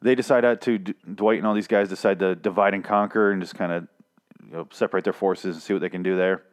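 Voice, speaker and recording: A man's voice: sits low, steady tone, fast talker. A man recapping a comic in a casual, profane, sarcastic and rambling way. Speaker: podcast host recapping a comic.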